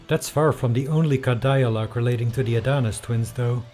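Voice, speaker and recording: A man's voice: mid-range voice, a little fast, few pauses, warm tone, faint music behind. A man narrating a casual video essay with wry, chatty commentary.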